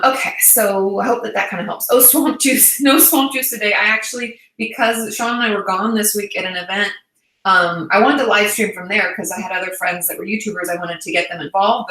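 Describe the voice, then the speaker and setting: A woman's voice: mid-range voice, fairly even intonation, a little fast, sharp tone, roomy sound, rough recording. A woman therapist casually chatting on a livestream, reassuring and full of "um"s and "like"s as she answers viewer questions. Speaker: therapist and channel host.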